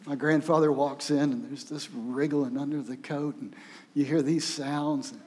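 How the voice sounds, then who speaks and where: A male pastor preaching a sermon, telling stories in a conversational, animated way. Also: a little high, moderate pace. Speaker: senior pastor. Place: church sanctuary. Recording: long reverb of a large hall.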